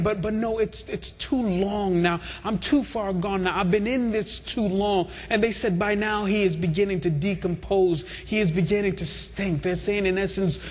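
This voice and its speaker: A man's voice: sits high, slightly rough. A man preaching a sermon to a congregation, with an impassioned, repetitive cadence. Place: church hall. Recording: long hall reverb.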